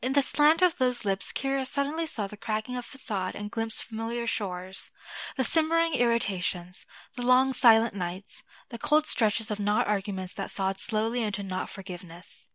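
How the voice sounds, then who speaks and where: A woman's voice: on the high side, expressive, normal speed, a bit bright, dry recording. Woman reading a story, dry close sound. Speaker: narrator. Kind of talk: scripted narration of fiction.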